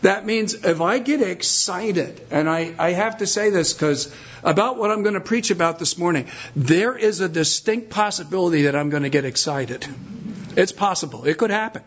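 A man's voice: high-pitched, lively intonation, normal speed, fairly bright tone, husky, dull audio. A middle-aged man from the New area, a pastor chatting and joking with his congregation before his sermon. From New York metropolitan area. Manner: chatty, self-deprecating, joking storyteller.

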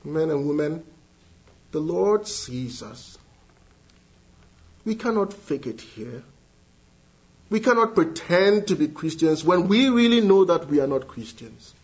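A man preaching a sermon earnestly, moving between hushed lines and rising, emphatic appeals. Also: on the high side, expressive, takes it slowly, pauses often, husky. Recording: dull lo-fi sound.

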